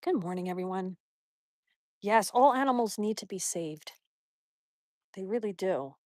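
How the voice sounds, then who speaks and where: A woman's voice: mid-range voice, lively intonation, measured pace, a little mellow, no echo, clean studio sound. A woman hosting a live stream on a morning walk outdoors, chatting with viewers, reading their comments aloud and baby-talking to her dog. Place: outdoors at a mountain park.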